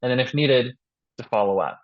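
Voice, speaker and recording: A man's voice: medium pitch, a little fast. A man hosting a podcast, telling stories in a casual way and acting out the voices of the people in them. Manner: animated, acts out voices in his stories. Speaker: podcast host. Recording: dull, muffled lo-fi sound.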